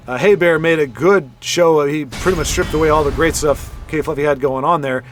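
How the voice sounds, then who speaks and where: A man's voice: fairly high pitch, fairly quick. A man giving casual commentary on a card game, thinking aloud, counting and correcting himself as he goes. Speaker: gameplay commentator. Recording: voice over loud game music.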